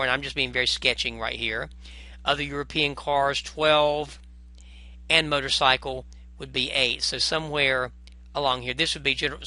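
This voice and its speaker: A man walks through a math lesson in a bright, gravelly voice with some vocal fry. He talks in a chatty way, corrects himself as he goes and adds apologetic asides. The recording is dry and close. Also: medium pitch, dry recording. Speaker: math teacher.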